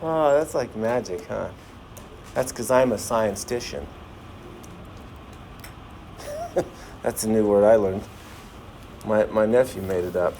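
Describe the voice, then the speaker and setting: A man's voice: lowish voice, normal speed, vocal fry, a little mellow, slight background noise. Man teaching a class, asking questions. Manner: asks the class many questions, jokey. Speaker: science teacher. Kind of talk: classroom lecture with demonstration.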